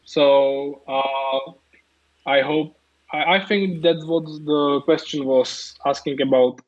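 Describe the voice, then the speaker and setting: A man's voice: fairly high pitch, steady tone, slow. A man with a Czech accent, speaking as the guest at a live-streamed tech talk over a video call. He explains in a hesitant way, with many fillers and restarts. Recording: dull lo-fi call audio.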